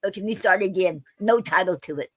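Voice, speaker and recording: A woman hosts a poetry show from a dry, close-miked spot with no room sound. She talks casually and haltingly, full of fillers and restarts, and her pitch sits in the middle for a woman. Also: husky, dry recording. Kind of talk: casual live-stream chat.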